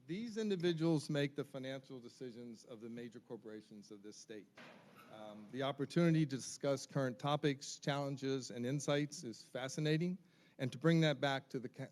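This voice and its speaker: A man's voice: medium pitch, a little mellow. A man moderating a university panel discussion, reading out names and titles with frequent ums, picked up by a distant mic in a hall. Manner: reads names and titles, um-filled. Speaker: forum moderator.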